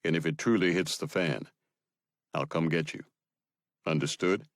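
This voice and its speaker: A man voicing a calm, protective soldier in an audiobook, firm and clipped. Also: sits low, moderate pace, no room sound, studio quality.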